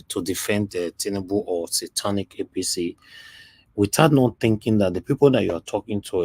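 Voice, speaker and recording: A man's voice: sits low, a little mellow, slightly rough, no echo. A man hosting a live stream, lecturing his viewers and greeting them as his people. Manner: preachy, addresses viewers as "my people". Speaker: livestream host.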